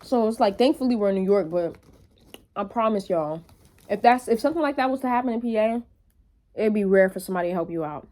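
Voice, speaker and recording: A woman's voice: medium pitch, lively intonation, fast talker, darkish tone. A young woman vlogging to camera in a casual monologue, blunt and full of swearing, calling her viewers y'all.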